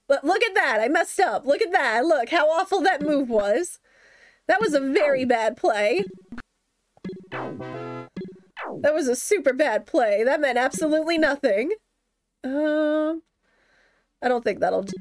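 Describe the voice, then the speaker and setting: A young woman streamer giving casual, giggly, self-mocking gameplay commentary at home. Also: sits high.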